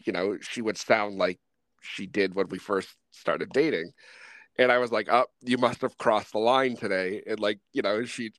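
Relaxed Northern US host, dry sound. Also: male voice, fairly low pitch, no room sound. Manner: relaxed, rambling, many fillers. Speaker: podcast host. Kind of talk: casual interview chat.

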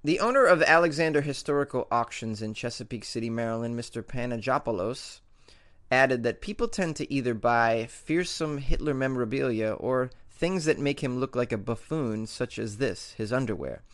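A man's voice: medium pitch, expressive, moderate pace, fairly bright tone. A man hosting a comedic news podcast, reading odd stories in a joking, sarcastic way and laughing between lines.

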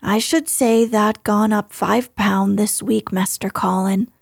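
Woman doing a hoarse stubborn old gardener. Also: mid-range voice, steady tone, slow pace, no echo, studio quality, full character voice. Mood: gruff. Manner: hoarse, dialect speech.

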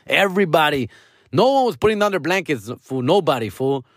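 A man's voice: fairly high pitch, lively intonation, brisk, no room sound, studio quality. A man telling a casual story to his followers, slangy and profane, mixing Spanish words into his English. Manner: peppers talk with "fool" and "dog". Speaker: actor vlogging to followers.

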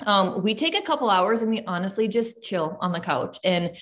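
A woman's voice: medium pitch, moderate pace. A woman in her thirties, a mom and business owner, chatting casually as a podcast host and filling her talk with "like". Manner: chatty, lots of "like" fillers, animated storytelling. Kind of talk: casual conversational chat.

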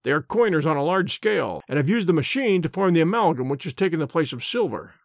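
Male reader plays a Victorian detective: calm, incisive, a lively lilt to the voice. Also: a little high, dry recording. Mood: assured. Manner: measured, dry and assured.

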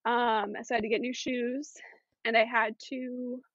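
A woman's voice: on the high side, level tone, a little slow, fairly bright tone, lo-fi sound. A woman talking as a podcast guest in casual chat, chatty with many fillers.

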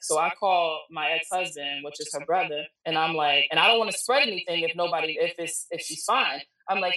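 Woman in her 40s telling her story, low voice but bright and forceful, mic far off. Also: moderate pace. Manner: candid, animated, quotes people mid-story. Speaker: guest. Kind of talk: emotional personal storytelling. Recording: echoey room, distant mic.

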